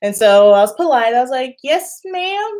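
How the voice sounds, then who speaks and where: A young beauty vlogger tells a personal story to camera in a casual vlog, speaking a little high and quickly. She's animated, acts out the voices of the people involved, and laughs often.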